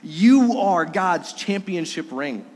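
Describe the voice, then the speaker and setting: A middle-aged male pastor preaching a Sunday sermon in a church, earnest, moving between loud emphasis and hushed, soft lines. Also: high-pitched, animated, slow. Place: church sanctuary during a Sunday service. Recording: echoey sanctuary reverb.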